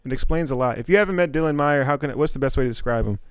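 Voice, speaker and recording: A young man with a smooth, clear voice hosts a casual podcast. He hypes his guest with quick, jokey banter. The sound is close and dry, from an apartment living room. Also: medium pitch, dry recording. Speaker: podcast host.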